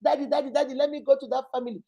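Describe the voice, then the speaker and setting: A woman's voice: high voice, steady tone, racing, highs cut off. A woman voicing a newborn baby boy who pleads in short, repeated phrases. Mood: pleading. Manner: pleading, repetitive.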